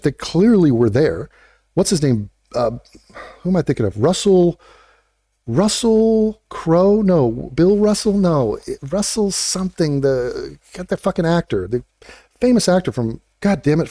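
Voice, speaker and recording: A man's voice: fairly high pitch, mellow, no echo. Sarcastic foul-mouthed guy ranting into the mic, darkish voice, dry close sound. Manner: blunt, profane, sarcastic. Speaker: online video creator. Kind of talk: ranting commentary vlog.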